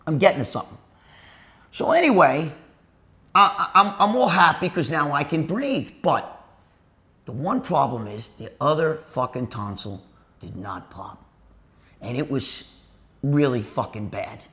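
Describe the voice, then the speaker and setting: A man's voice: on the high side, sing-song, measured pace, pauses often, pushed and bright. A man in his fifties telling a crude comic story, profane and rambling, addressing viewers directly. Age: 50s. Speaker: host, storyteller.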